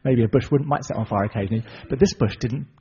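Male preacher, husky, animated storytelling with asides; dull recording. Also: medium pitch, fast talker. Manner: lively retelling, asides to the audience. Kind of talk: sermon storytelling.

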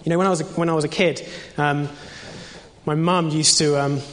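A man's voice: a little high, steady tone, fairly quick, fairly bright tone. A young man preaching an informal sermon in a conversational way, with many fillers and restarts. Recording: long reverb of a hall.

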